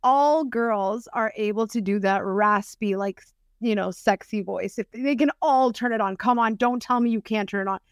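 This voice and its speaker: A woman co-hosting a podcast in casual chat, animated, with quick laughs and lots of fillers. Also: mid-range voice, no echo, clean studio sound. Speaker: podcast co-host.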